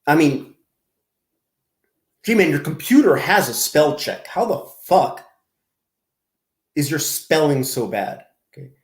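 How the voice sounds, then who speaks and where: Sarcastic man, slow and echoey. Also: fairly high pitch, sing-song. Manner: sarcastic and crude, drawn-out mocking delivery. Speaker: host reacting to a clip. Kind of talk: mocking reaction commentary. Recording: roomy, echoey room.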